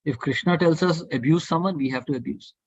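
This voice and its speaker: A man's voice: fairly high pitch, brisk, darkish tone, dull audio, slight background noise. A man leading a devotional scripture study class, urging listeners earnestly and repetitively to think and debate. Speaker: study group speaker.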